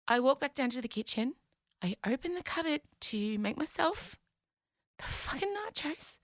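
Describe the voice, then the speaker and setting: Animated woman telling a story. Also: high-pitched, moderate pace, no echo, clean studio sound. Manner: animated, dramatic retelling with swearing. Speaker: podcast host. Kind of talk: comedic storytelling.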